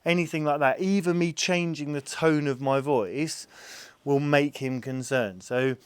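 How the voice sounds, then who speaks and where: A calm, gentle man explaining how he gets a nervous horse used to having its legs touched, talking patiently as he works. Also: fairly high pitch, measured pace, clean tone, no room sound. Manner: calm, gentle, patient, soothing the animal softly. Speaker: farm animal carer. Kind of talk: explaining while handling a horse.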